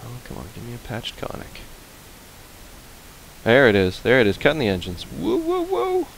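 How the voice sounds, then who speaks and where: A man's voice: fairly low pitch, normal speed, a little hiss or hum, low-quality recording. A man giving casual, chatty commentary while playing a game, playful and prone to humming and repeating fillers. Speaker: let's play host.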